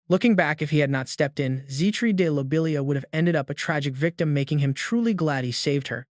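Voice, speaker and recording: A man narrating a fantasy comic recap in an even, steady scripted reading. His voice is slightly higher than most men's. The sound is close and completely dry. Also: no echo.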